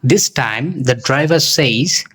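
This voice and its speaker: A man teaching English, telling a simple story in slow, deliberate narration with carefully spaced phrasing for learners. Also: mid-range voice, animated, fairly bright tone, slightly rough.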